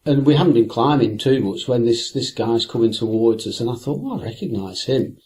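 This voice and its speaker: A man's voice: mid-range voice, normal speed, dark tone. An older man, an angler, telling fishing stories in a rambling interview manner full of hesitations. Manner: rambling, with many hesitations and restarts. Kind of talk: reflective anecdotal interview talk.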